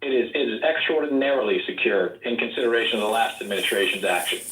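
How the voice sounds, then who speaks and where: A man giving a forceful, rambling campaign pitch in a group voice chat and talking over people who interrupt him. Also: expressive, fast, roomy sound, poor audio. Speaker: political candidate.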